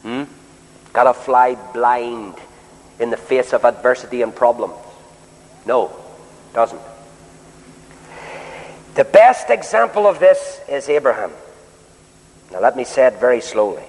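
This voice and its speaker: A man's voice: medium pitch, animated, measured pace, long pauses, darkish tone. A man preaching a sermon emphatically, often asking his listeners rhetorical questions. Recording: long hall reverb.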